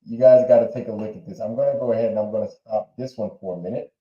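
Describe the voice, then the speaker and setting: A man's voice: fairly low pitch, steady tone, quick pace, roomy sound, muffled recording. A man hosting a livestream, chatting casually and repeating himself as he reacts to clips. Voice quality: rambling and repetitive. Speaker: livestream host.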